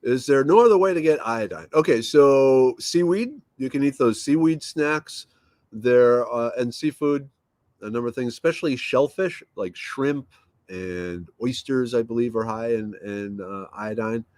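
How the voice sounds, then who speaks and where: Man, relaxed livestream host, rambling chat, mid pitch, dry recording. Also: measured pace, dry recording. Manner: rambling, easygoing, thinks aloud with fillers. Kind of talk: casual chat, reading viewer comments aloud. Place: at home.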